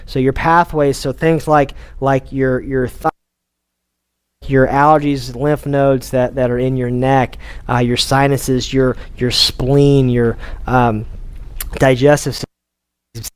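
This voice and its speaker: A man with a Texan accent giving an informal health talk to patients as a chiropractor, energetic, restarting sentences and repeating words as he goes. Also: mid-range voice, slow pace, smooth. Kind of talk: casual seminar talk to patients.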